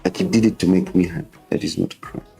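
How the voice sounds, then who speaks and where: Over music on a rough recording, a Kenyan-accented man in his thirties hosts a casual reflective talk. He speaks fast and low with fairly even intonation and some vocal fry. Earnest in manner, he moves between English and Swahili and repeats words to stress them.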